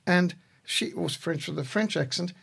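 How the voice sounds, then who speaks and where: A man in his sixties, co-host of a podcast, telling measured stories with a dry humor. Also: sits high, creaky, a bit bright, husky. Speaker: podcast co-host, missionary leader. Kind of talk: reflective conversation.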